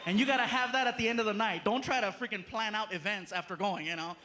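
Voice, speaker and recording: A man doing a live stand-up comedy set on a theater stage, telling stories in an animated way with laughs and asides. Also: sits high, fast talker. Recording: noisy live crowd in a theater.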